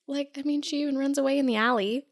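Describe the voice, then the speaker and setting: A young woman co-hosting a podcast in casual chat, animated and jumping into funny voices when she quotes people. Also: sits high. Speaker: podcast co-host.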